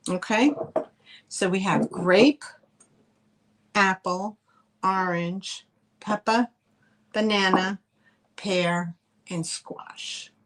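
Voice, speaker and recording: Slow-talking New York woman selling live. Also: medium pitch, a bit bright. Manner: chatty, greets chat viewers by name. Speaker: live sale host. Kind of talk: live-stream selling chat.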